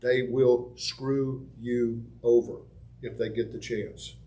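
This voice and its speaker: A man preaching a sermon in a church, animated and folksy, acting out crowd voices with big jumps in his voice. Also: medium pitch, slow, slight background noise, poor audio. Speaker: pastor.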